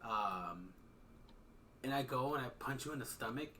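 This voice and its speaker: A man's voice: medium pitch, animated, normal speed, bright, forceful tone, a little hiss or hum. A man hosting a casual podcast, joking and teasing his guest. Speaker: podcast host. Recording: voice sounds distant from the mic.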